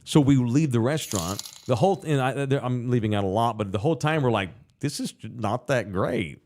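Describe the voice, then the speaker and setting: A man, a podcast co-host telling a story in casual chat, animated and cursing freely. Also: mid-range voice, fast. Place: sports bar studio.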